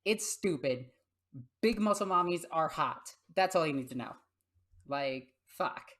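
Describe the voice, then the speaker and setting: A woman's voice: low voice, animated, unhurried, a bit bright. A young adult woman hosting a casual tabletop gaming video, talking bluntly and swearing freely. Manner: blunt and profane, talks baby talk to her cat. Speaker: YouTube host.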